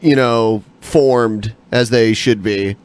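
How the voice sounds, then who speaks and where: A man's voice: on the low side, steady tone, takes it slowly. A man co-hosting a podcast, giving brief reactions and reading out the chat. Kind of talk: casual banter.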